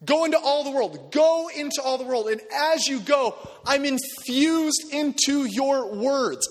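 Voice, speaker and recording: A young man preaching a sermon in a casual, joking storytelling manner with quick asides. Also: extremely high pitch, fairly bright tone, in a large hall. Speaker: pastor.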